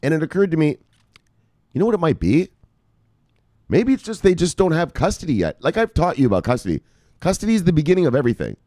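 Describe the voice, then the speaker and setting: A man hosting a casual crypto news live stream, reading out viewer names with loud shout-outs, swearing freely and rambling in a chatty way. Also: fairly high pitch, fast talker, long pauses, no room sound, clean studio sound. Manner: animated, swears freely, shouts "bang" at each name. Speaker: crypto news show host.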